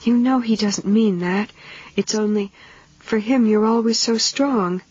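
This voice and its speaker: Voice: medium pitch, a little slow, darkish tone, slightly rough, dry recording, pitched above the performer's own voice. A reader voicing a frightened adult housewife who pleads in a raised, strained voice. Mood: pleading. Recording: dull lo-fi 1970s audiobook tape.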